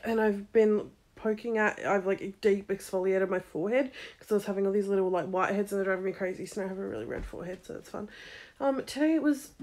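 A woman's voice: medium pitch, darkish tone. A young woman talking casually in a day-in-the-life vlog, candid and rambling with plenty of ums and likes. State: congested with a cold. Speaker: vlogger.

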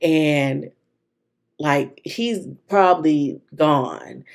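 A young woman with a low-pitched voice and a lot of gravelly fry talks to her viewers while she decorates her planner. She tells stories in a loose, chatty way and speaks to her audience directly. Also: measured pace, a little mellow. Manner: chatty storytelling addressed to viewers. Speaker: planner vlogger.

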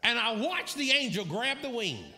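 High, lively preacher man. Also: moderate pace. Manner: animated storytelling with shouted quotes and laughter. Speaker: pastor. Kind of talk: sermon.

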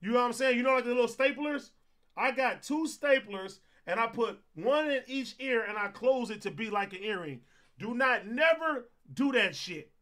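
Loud, high-voiced young man telling a story. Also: moderate pace. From Compton, California. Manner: animated, profane storytelling, acting out quotes. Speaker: streamer host. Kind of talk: casual storytelling on a livestream.

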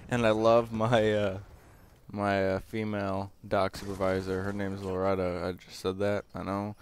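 Young guy doing gameplay commentary, flat monotone, rambly and hesitant. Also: low-pitched, normal speed, a little hiss or hum. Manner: rambling, hesitant, many fillers.

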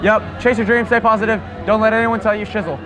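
A young man with a high voice talks quickly and teases a nervous friend. Music and crowd noise sound behind him outdoors. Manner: joking, teasing, calm. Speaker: friend on a ride.

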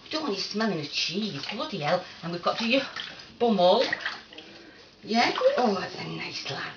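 A woman's voice: mid-range voice, lively intonation, moderate pace, noisy background. A woman talking casually in a home vlog, chatting and cooing in a sing-song way to her dog at a sink. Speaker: vlogger. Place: indoors at a sink, small room. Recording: echoey room, voice far from the mic, dull sound. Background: running water and splashing.

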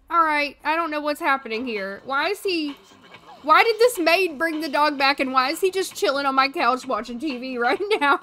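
Young woman streamer, kinda high bright voice, chatty, bossing her game family around and reading chat. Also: expressive, moderate pace. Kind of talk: live gameplay commentary.

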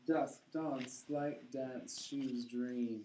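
A young man improvising a rambling, absurd mock film summary, deadpan with bursts of giggling. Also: medium pitch, extremely slow, slight background noise. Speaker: comedic narrator. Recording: roomy echo.

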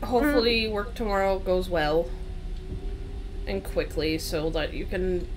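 A woman's voice: fairly low pitch, steady tone, a little slow, slight background noise. A woman hosting a live game stream, chatting casually and telling stories with animation and the odd swear. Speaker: streamer, host.

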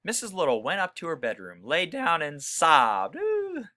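A man reading a children's book aloud, pausing to explain words to young listeners in a friendly way. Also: fairly high pitch, sing-song, bright, forceful tone. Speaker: reader for children.

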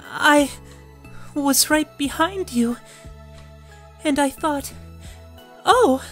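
A man voicing a cheerful, eager teenage schoolgirl in a high, sweet, girlish voice while reading a visual novel aloud. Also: animated, very slow, faint music behind, full character voice. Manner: bright high put-on girlish voice, breathless and sweet.

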